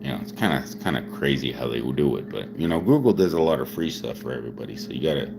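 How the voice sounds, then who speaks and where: A man's voice: a bass voice, sing-song, quick pace, gravelly, background noise. A man in his forties chatting casually on a live stream, rambling and repeating himself, chuckling often, with a few drinks of whiskey in him. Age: 40s. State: drinking whiskey while talking.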